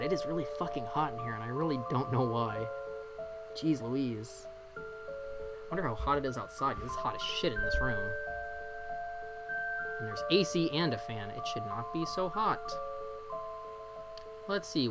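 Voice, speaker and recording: A streamer in their forties, chatting casually and self-deprecatingly from a bedroom, swearing freely and laughing often. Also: medium pitch. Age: 40s. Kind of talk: casual live-stream chat.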